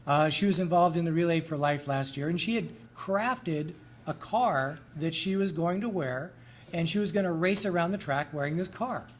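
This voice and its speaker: A man's voice: fairly high pitch, moderate pace. A middle-aged man, a school administrator, giving a folksy, rambling ceremony introduction with self-deprecating asides.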